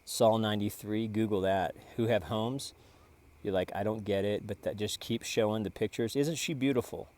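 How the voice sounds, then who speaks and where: This man's voice is lowish and darkish, his intonation fairly even and his speed normal. In a relaxed vlog he rambles over his photo prints, bragging, blurting out exclamations, and complimenting his own pictures.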